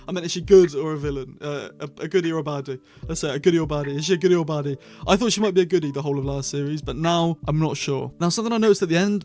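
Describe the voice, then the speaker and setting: A man hosting a casual review vlog, talking in a chatty, rambling way and often correcting himself. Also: a little high. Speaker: channel host reviewing episodes.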